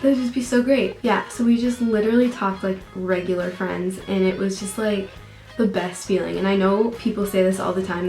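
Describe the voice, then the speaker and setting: Chatty young American woman, echoey room. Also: a little mellow. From United States. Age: young adult. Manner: chatty, full of "like", acts out quotes in a higher voice. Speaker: vlogger. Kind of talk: casual storytelling to camera.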